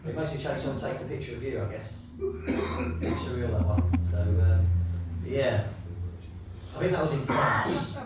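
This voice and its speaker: A man's voice: medium pitch, unhurried. Hesitant man hosting in an echoey room. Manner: meandering, hesitant, with fillers. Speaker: host presenting photos. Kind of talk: casual panel presentation. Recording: very echoey room, distant mic, background noise.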